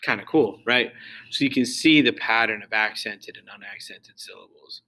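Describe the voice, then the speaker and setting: A man's voice: fairly low pitch, normal speed, bright, forceful tone, a little hiss or hum, rough recording. A male teacher giving a loose, casual recorded lesson, full of fillers and restarts.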